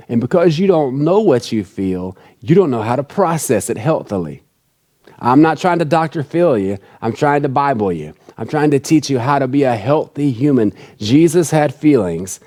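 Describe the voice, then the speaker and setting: A man's voice: mid-range voice, warm tone. A man preaching a sermon in an earnest, conversational way, repeating key phrases for emphasis. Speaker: pastor.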